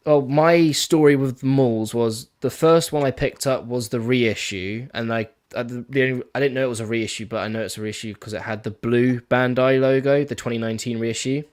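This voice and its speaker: A man's voice: medium pitch, fairly even intonation, brisk, few pauses, darkish tone. A young man, a guest on a live stream, chatting casually and rambling with many fillers. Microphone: headset or desk mic on a video call.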